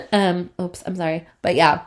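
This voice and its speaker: A woman's voice: on the low side, huge pitch swings, takes it slowly. A woman around thirty hosting a casual solo podcast, talking in a rambling, profane, chatty way with a congested, stuffed-up voice. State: congested, breathing through mouth. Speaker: podcast host.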